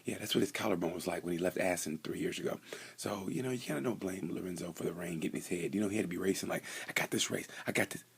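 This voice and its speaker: A man's voice: deep voice, racing. A young man rambling through a casual, joking race review, often stumbling and restarting. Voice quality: gravelly, husky.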